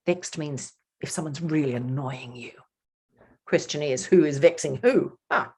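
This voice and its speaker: Woman children's storyteller, animated and theatrical, slow read-aloud delivery for kids. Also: low-pitched, slightly rough. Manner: animated, theatrical, talks directly to young listeners. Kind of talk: reading a picture book aloud to children.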